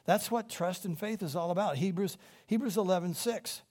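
A man preaching a sermon with animated storytelling, swinging between loud emphasis and hushed tones. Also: high voice, moderate pace.

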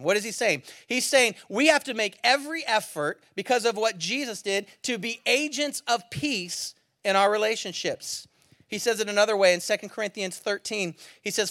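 Middle-aged male pastor, high bright voice, dry close sound, storytelling sermon that swings between loud and hushed. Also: moderate pace, no echo. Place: church service.

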